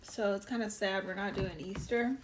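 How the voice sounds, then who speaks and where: A woman's voice: medium pitch, fairly even intonation, moderate pace, a little hiss or hum. A woman hosting a casual live-stream show, chatting and greeting viewers by name. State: out of breath. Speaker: waxing show host.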